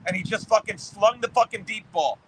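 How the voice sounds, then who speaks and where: Fifties male livestream host, high-pitched and punchy, rambling and cursing through casual chat. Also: a little fast, fairly bright tone, slight background noise. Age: 50s. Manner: profane, rambling sports rant.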